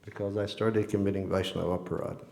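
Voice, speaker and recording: This temple lecturer speaks fast in a low, darkish voice with vocal fry and an even, level tone. He is giving a sermon in a temple hall with echoey sound and slight background noise, telling a personal story and acting out the voices of those he quotes.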